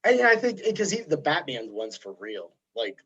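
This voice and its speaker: Husky-voiced man rambling on a lo-fi recording. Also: fairly high pitch, moderate pace. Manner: rambling, animated storytelling with put-on voices. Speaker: podcast host. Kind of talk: casual chat. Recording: dull lo-fi sound.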